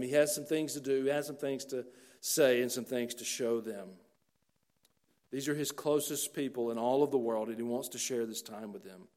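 A man preaching a sermon to his congregation, earnest and slowing down to stress key phrases. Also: fairly high pitch, a little mellow. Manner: earnest, slows down for emphasis. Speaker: pastor.

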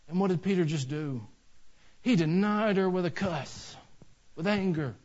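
A man's voice: sits high, lively intonation, moderate pace. Conversational male pastor preaching. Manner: conversational, storytelling, swings loud to soft. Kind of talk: sermon. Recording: dull lo-fi recording.

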